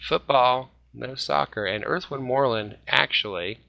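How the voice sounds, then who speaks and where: During a quiz game on a casual fan podcast, the host spells out names amid frequent jokes and laughter. His medium-pitched voice is creaky, at a moderate pace, in a relaxed panel-chat setting.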